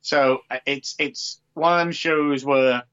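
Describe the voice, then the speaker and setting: A man co-hosting a podcast in casual chat, animated and swearing freely. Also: medium pitch, slow, clean tone. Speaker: podcast co-host. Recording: dull lo-fi recording.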